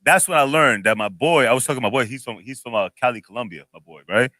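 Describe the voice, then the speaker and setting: A man co-hosting a podcast, telling a story in a loose, animated, slangy way with lots of laughs. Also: mid-range voice, fast talker, dry recording. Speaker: podcast co-host. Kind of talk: casual chat, storytelling.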